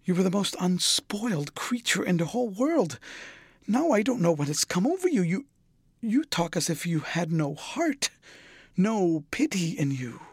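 A man's voice: high voice, sing-song, normal speed, breathy edge, dry recording, studio quality, voice pushed up, full character voice. A man reading as anguished older painter Basil Hallward. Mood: pleading. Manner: pleading, horrified. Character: anguished older male painter, earnest friend.

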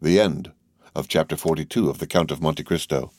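A man with a notably deep, low voice reads a classic novel aloud at a steady, unhurried pace. The recording is close and completely dry, with no room around him. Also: no room sound. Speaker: audiobook reader. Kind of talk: scripted narration.

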